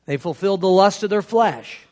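Middle-aged pastor, high voice, chatty joking sermon. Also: male voice, brisk, darkish tone. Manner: conversational, joking with the congregation.

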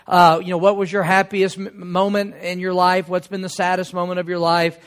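Middle-aged pastor, high voice, chatty joking sermon. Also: male voice, flat delivery, brisk. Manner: conversational, joking with the congregation.

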